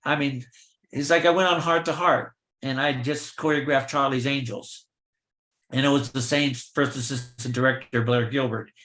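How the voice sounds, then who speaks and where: An older man, a guest in an interview, telling lively anecdotes and acting out the voices of the people in them. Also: medium pitch, normal speed, reverberant. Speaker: film extra and actor, guest. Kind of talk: storytelling in an interview.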